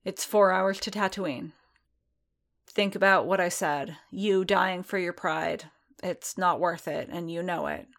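A tired, troubled armored warrior speaks in a storybook reading, voiced by a woman. His lines come slow and subdued, low and measured, with no swagger left in him. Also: fairly even intonation, creaky, fairly bright tone. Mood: weary, earnest. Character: weary male armored warrior, conflicted and quiet.

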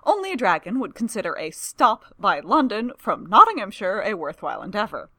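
A woman voicing a tired, reserved gentleman who speaks firmly in a storybook reading. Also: medium pitch, wildly swooping pitch, a little fast, no room sound, voice pushed up, heavily acted. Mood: weary. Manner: tired, firm.

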